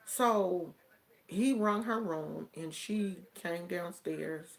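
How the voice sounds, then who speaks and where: An American woman with a fairly low, creaky voice tells a personal story on her vlog. She speaks slowly and casually, drawing out her words in colloquial phrasing with lots of fillers.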